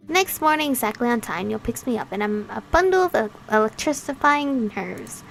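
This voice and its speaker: A woman's voice: on the high side, expressive, fairly quick, creaky, sharp tone, soft background music. A woman reading a visual novel aloud as its heroine, breaking off for playful, chatty asides. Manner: playful, chatty asides between read lines. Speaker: game channel host.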